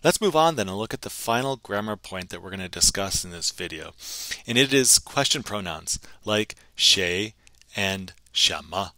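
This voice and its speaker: A man teaching a recorded language lesson, patiently explaining grammar and repeating phrases slowly for learners to copy. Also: sits low, animated, sharp tone, no echo. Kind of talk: pre-recorded lesson narration.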